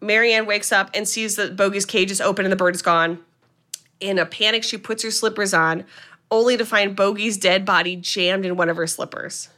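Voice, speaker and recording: A woman co-hosting a podcast who retells a film plot in a chatty, animated way with plenty of filler words. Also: medium pitch, normal speed. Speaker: podcast co-host. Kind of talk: casual film recap.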